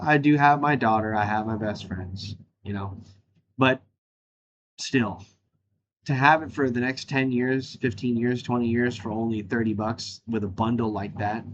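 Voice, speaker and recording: A man's voice: mid-range voice, muffled recording, a little hiss or hum. A man hosting his own show in a casual, rambling chat, jumping animatedly between topics. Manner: animated, jumps between topics, frequent fillers and laughs. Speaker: show host.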